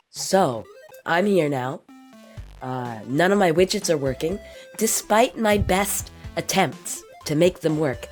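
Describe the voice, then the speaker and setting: A woman streamer chatting casually and playfully with her viewers, her voice hoarse from being sick. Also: low voice, expressive, darkish tone, soft background music. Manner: playful, quick banter with chat. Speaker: virtual streamer. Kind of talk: casual livestream chat.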